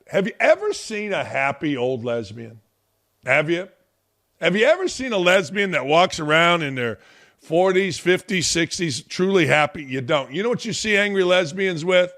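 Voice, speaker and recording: A man hosting his own talk show, ranting in a brash, mocking way. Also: high-pitched. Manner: brash, mocking, loud jabs. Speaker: podcast host. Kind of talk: opinion rant on a talk show.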